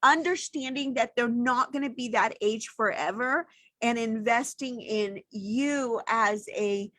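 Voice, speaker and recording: A woman's voice: on the high side, a little slow, fairly bright tone, dry recording. A middle-aged woman co-hosting a casual chat, speaking in a heartfelt, reflective way. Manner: heartfelt and reflective, gets emotional. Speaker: podcast co-host.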